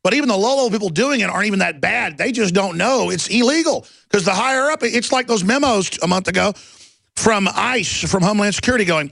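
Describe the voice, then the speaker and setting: A gravelly, fry-laden man holds forth as a talk radio host, ranting and spinning anecdotes. His voice sits a bit high for a man. The sound is close and dry, with no room around it. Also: a little fast, pushed and bright, dry recording. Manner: ranting, storytelling, acts out quoted voices.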